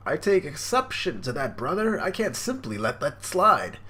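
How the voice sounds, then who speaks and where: Man putting on a shrill haughty witch. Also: big pitch swings, normal speed, pushed and bright. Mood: offended.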